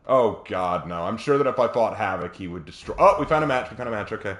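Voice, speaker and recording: A man's voice: lowish voice, expressive, fast talker, fairly bright tone. A man chatting casually while streaming a game, laid-back, often chuckling and repeating himself. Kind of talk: casual gaming stream chat. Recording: roomy sound with music behind.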